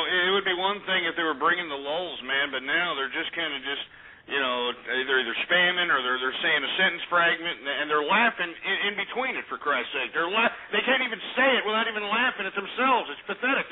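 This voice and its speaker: A man from Texas hosting a call-in radio show, ranting loudly and profanely and ending lines with "all right?". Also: sits high. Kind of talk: brash call-in talk radio. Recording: phone-like lo-fi audio.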